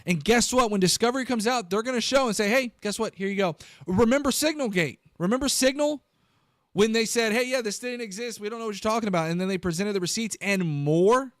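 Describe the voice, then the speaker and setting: A man hosting a live political commentary stream, animated and incredulous, talking straight to his viewers. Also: sits high, fairly quick, no echo, clean studio sound.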